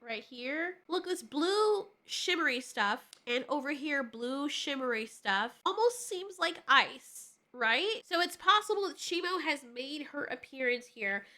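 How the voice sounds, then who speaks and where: A woman casually analyzing a movie trailer, excitable and jokey with a bit of swearing, her nose stuffy. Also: sits high, a little slow, hardly any pauses. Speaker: trailer reviewer.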